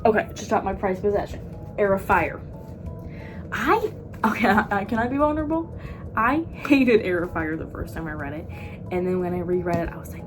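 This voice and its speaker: Chatty excitable woman book vlogger. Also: mid-range voice, moderate pace, music in the background. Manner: chatty and excitable, rambling with frequent laughs. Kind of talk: casual chat.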